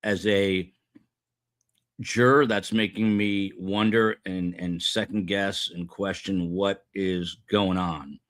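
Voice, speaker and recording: A male host gives a live trial recap in a conversational way and raises pointed questions as he goes. His voice sits a little low. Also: little pitch movement, slow pace, fairly bright tone.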